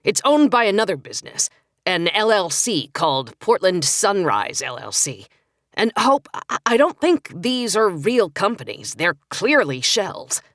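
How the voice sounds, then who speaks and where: In a storybook reading, a flat, unhurried lab tech drawls his findings in a dull man's voice, as a woman reads him aloud. The delivery is dry and close, with lively swings in pitch. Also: no room sound. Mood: matter-of-fact. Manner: boring drawl.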